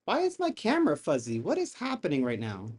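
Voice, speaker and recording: A man hosting a casual live reaction stream from his home setup, excitable and rambling, swearing as he rants into a desk mic. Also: on the high side, fairly quick, husky. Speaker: livestream reaction host. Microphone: desk microphone.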